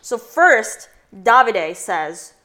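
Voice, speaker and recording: A woman's voice: a little high, drawn-out words. Podcast lady, eager, lots of yes yes, bouncy voice. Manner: animated, eager agreement. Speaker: podcast co-host. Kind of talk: casual chat.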